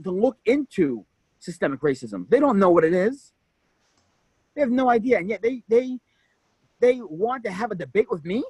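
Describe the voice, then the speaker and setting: A man's voice: slightly rough, no echo, rough recording. A man co-hosting a podcast, speaking with fervent conviction and climbing into exasperated outbursts. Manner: fervent, rising to exasperated high pitch. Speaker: podcast co-host. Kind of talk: impassioned podcast rant.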